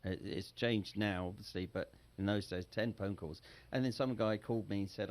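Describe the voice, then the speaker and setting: Lower-pitched English man telling stories. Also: steady tone, normal speed, few pauses. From England. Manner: rambling, self-correcting telling of a story. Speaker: guest, a tribute singer. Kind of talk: anecdotal interview storytelling.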